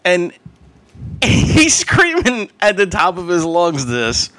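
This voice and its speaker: A man's voice: sits high, expressive, slow, a bit bright, no echo. A man co-hosting a podcast, telling a rambling story in casual chat, acting out quoted voices and laughing often. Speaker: podcast co-host.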